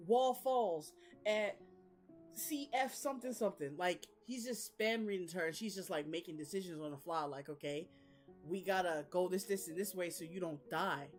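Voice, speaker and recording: A woman's voice: mid-range voice, darkish tone. A young woman casually recapping book chapters, chatty and slangy, laughing often. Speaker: book vlogger.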